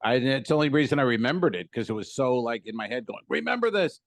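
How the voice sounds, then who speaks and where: A man's voice: medium pitch, racing, no room sound. A man co-hosting a comedy podcast, telling rambling stand-up stories in casual banter and swearing freely. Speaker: podcast co-host and stand-up comic.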